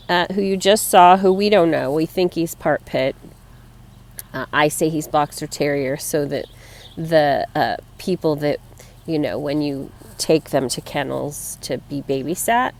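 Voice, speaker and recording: A woman talking casually to her viewers in a personal vlog, chatty and rambling, fond and tender as she talks about her pets. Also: lowish voice. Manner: chatty and rambling, laughs between thoughts. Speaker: vlogger.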